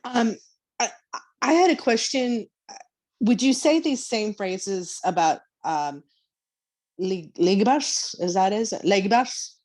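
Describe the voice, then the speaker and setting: A woman's voice: medium pitch, lively intonation, slow, a little mellow. A woman student asking her teacher a question in class, hesitant and searching for words.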